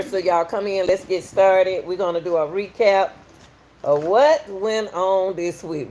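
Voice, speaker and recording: A woman's voice: fairly low pitch, mellow. A middle-aged woman from Atlanta with a Southern accent, welcoming viewers in a folksy, repetitive live-stream chat as a podcast host. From Atlanta, USA.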